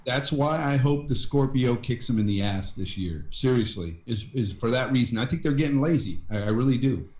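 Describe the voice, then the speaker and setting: A man's voice: medium pitch, expressive, normal speed, few pauses, darkish tone. A man co-hosting a casual gaming podcast, making blunt, argumentative points. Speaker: podcast co-host. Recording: roomy echo.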